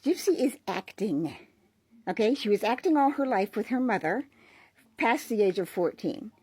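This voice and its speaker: Chatty woman with a husky edge. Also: mid-range voice, lively intonation, moderate pace, a little mellow, no room sound. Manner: chatty, explains with fillers and check-ins. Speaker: social media creator. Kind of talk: casual explanatory monologue.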